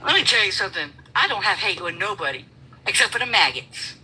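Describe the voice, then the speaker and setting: Loud, brash, cursing woman. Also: medium pitch, sing-song, fast talker, a little hiss or hum, low-quality recording. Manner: profane, loud and confrontational, often shouting. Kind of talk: heated live-stream argument.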